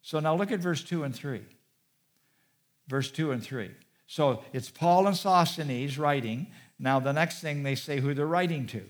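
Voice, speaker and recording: A middle-aged man, a pastor, preaching a sermon and drawing out the key words for emphasis. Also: fairly high pitch. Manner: stresses key words with slowed, drawn-out delivery.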